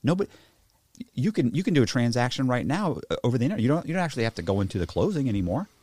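A man telling a story in casual chat, profane and animated, acting out both sides of a conversation. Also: mid-range voice, racing, dry recording. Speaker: podcast host telling a story.

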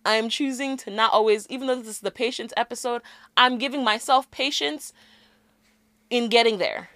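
A woman's voice: fairly high pitch, normal speed, a bit bright, no echo. A woman in her twenties co-hosting a podcast, talking candidly in a casual chat, turning sassy and fiery. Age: 20s. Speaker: podcast co-host.

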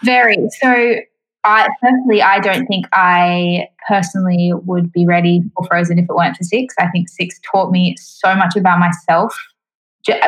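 A woman's voice: lowish voice, rough recording. A young adult woman, a musical theatre performer, talking casually as a guest in an interview, chatty with lots of fillers.

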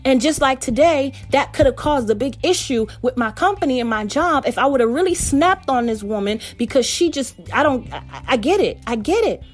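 A woman's voice: high-pitched, lively intonation, a little fast, hardly any pauses, faint music behind. A woman vlogger telling an earnest devotional story and calling her viewers family. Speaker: faith vlogger.

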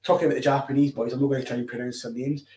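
A Scottish man chats casually about football, stumbling over and repeating words as his thoughts run ahead. His voice is mid-pitched and carries a noticeable roomy echo. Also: flat delivery, rapid-fire, darkish tone. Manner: chatty, repeats words, laughs easily.

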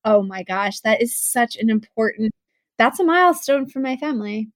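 Young American woman guest, outspoken and quick, a bit high, dry close sound. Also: dry recording. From United States. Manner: animated, outspoken, fast-talking with many "like"s. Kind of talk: casual conversation.

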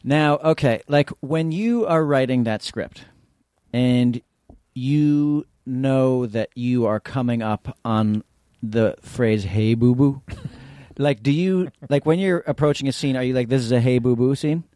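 A man's voice: medium pitch, slow, dark tone, clear, resonant tone, no room sound, clean studio sound. A man hosting a casual podcast chat, asking playful, joking questions. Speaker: podcast host.

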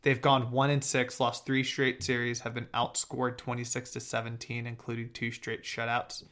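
Young male podcast co-host, casual and rambling, with a bright tone. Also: medium pitch, monotone. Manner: rambling, quick bursts of talk. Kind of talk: casual sports chat.

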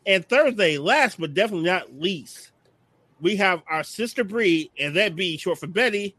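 A man's voice: high voice, animated, normal speed, sharp tone. A man hosting a casual online show, joking and rambling through the lineup with lots of ums. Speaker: network host. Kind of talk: casual livestream chat.

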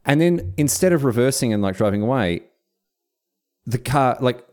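A man telling a story as a podcast co-host, joking and animated in casual chat. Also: medium pitch, moderate pace.

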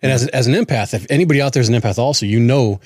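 A man's voice: medium pitch, very fast, no echo, studio quality. Earnest man in his forties. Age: 40s. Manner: earnest, repeats and restarts words. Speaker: podcast co-host. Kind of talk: casual chat.

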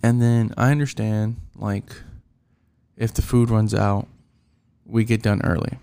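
A man's voice: on the low side, little pitch movement, measured pace, warm tone. A man ranting casually about his coworkers, rambling and frustrated, with lots of fillers and restarts. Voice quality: gravelly. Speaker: driver venting about work.

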